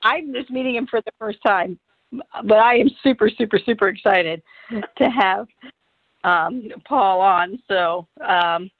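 A woman's voice: mid-range voice, unhurried, no room sound, phone-quality sound. A woman co-hosting a live radio show, giggly and bubbly. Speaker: radio co-host.

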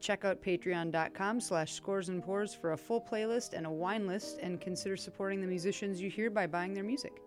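A woman sommelier co-hosting a podcast in casual chat, talking in a chatty, animated way with loose asides and laughter. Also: mid-range voice, a little fast, few pauses, music in the background.

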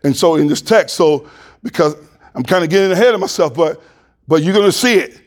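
A man preaching a sermon as pastor, reading scripture aloud and rising louder and higher to stress his points. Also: expressive, fairly quick.

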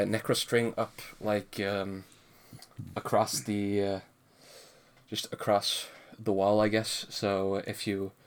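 A man co-hosting a casual podcast, recapping a comic in a laid-back, rambling way full of fillers and laughs. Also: fairly low pitch. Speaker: podcast co-host reading a comic. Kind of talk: casual chat.

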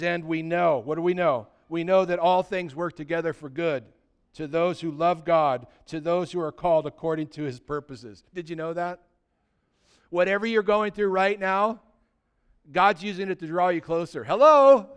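A man preaching a sermon, reading scripture and telling casual stories, swinging between loud proclaiming and quiet confiding asides. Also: a little high, moderate pace, clean tone. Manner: casual storytelling with fillers.

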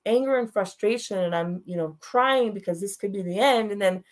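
A woman's voice: medium pitch, brisk. A woman guest in an interview, telling a personal story in a frank, blunt way and laughing through the hard parts.

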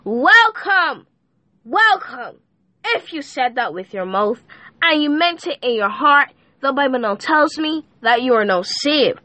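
High-voiced young woman podcast host. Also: animated, moderate pace, no room sound. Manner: shifts between hushed earnest prayer and loud sing-song chanting. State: losing her voice from shouting. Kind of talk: youth Christian podcast, prayer and chant.

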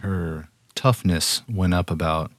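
A man's voice: deep voice, slow pace, no room sound. A man co-hosting a podcast, chatting casually with laid-back, musing comments and chuckling asides. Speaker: podcast co-host. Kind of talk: casual recap chat.

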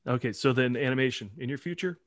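A man's voice: medium pitch, fast, dry recording, clean studio sound. A man co-hosting an interview, asking playful, jokey follow-up questions in a casual way. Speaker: podcast co-host.

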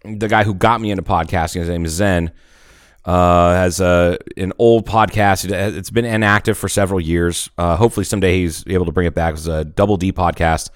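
A man co-hosting a podcast in casual, joking banter, laughing often and jumping into high-pitched bits. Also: steady tone, brisk, smooth, no room sound, clean studio sound. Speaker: podcast co-host.

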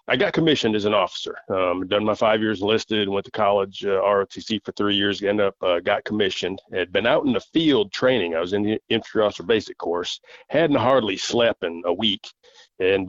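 Man, podcast guest, low voice, folksy yarn-spinner who acts out the other voices, dull dry recording. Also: no echo. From southern United States. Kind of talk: casual storytelling.

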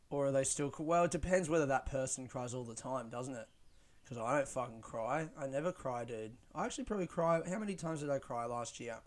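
A young man talks alone into his podcast mic in a loose, rambling way, swearing freely and breaking into laughter at his own jokes. His voice sits at an ordinary middle pitch. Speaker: podcast host. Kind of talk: casual solo podcast monologue.

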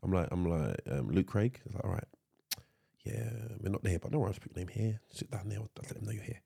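A man's voice: deep voice, animated, fast, gravelly, warm tone, breathy edge. A man co-hosting a casual podcast, swearing freely and repeating words as he gets a sentence going. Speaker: podcast co-host. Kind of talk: casual chat.

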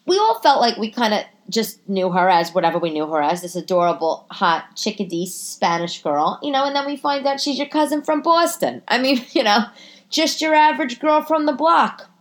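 A woman with a mid-pitched voice rants alone on her podcast, rambling and restarting her sentences. She swears freely and pokes fun at herself. She speaks into a computer microphone in her living room. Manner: rambling, profane and self-mocking, with frequent restarts. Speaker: podcast host. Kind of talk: casual comedic monologue.

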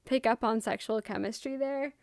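A woman's voice: fairly high pitch, moderate pace, vocal fry. A woman casually gushing about a novel with a friend, using lots of fillers. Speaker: co-host. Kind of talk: casual book discussion.

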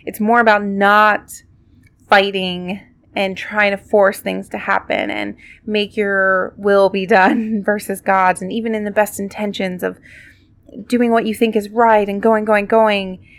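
A woman's voice: mid-range voice, flat delivery, measured pace, no room sound. A woman hosting a podcast, giving a casual devotional talk in a reflective, conversational way with many fillers. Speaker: podcast host.

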